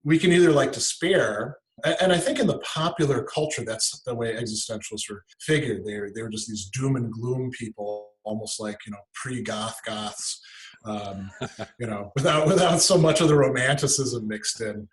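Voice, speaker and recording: A man's voice: medium pitch, moderate pace, rough recording. A man, a guest philosopher in casual conversation, explaining ideas as he thinks aloud and often restarting his sentences.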